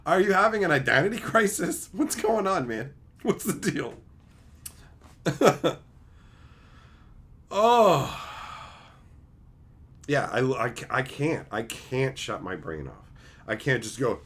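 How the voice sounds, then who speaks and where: A man with a mid-range voice hosts a casual livestream, reading chat and ranting about plot holes in shows. He's animated, swears often and mocks the logic gaps, though he speaks at a measured pace with long pauses.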